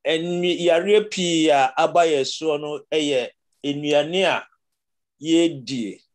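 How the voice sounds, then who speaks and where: A man at a church gathering, adding his view in a measured, unhurried way. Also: on the high side. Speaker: church member.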